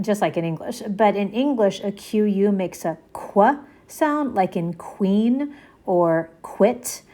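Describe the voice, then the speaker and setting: A woman's voice: mid-range voice, dark tone. A woman teaching a Spanish alphabet lesson, saying each letter twice and explaining its sound step by step. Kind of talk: slow, patient alphabet lesson.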